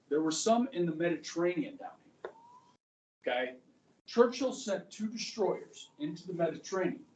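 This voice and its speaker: A man's voice: sits high, a little mellow, distant mic. A male history teacher lecturing a class in a casual, conversational way, often checking in with "okay" and "guys". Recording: echoey classroom, voice from afar.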